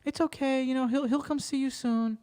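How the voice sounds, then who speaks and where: A man doing a soothing, high-pitched aunt. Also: fairly even intonation, brisk, darkish tone, clear, resonant tone. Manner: soothing, reassuring. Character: soothing older woman, an aunt.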